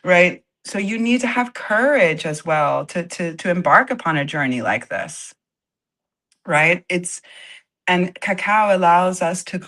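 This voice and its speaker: Lower-voiced woman chatting animatedly on a video call. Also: a little slow. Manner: animated, drops into Brazilian Portuguese phrases, laughs often. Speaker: retreat co-host and cacao facilitator. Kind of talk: casual live-stream chat.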